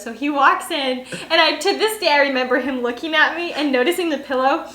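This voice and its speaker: A woman's voice: sits high, fast, bright, forceful tone, reverberant. A young woman hosting a casual chat, telling stories with lots of fillers and laughs. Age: young adult. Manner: chatty storytelling with frequent laughter and fillers. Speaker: channel host.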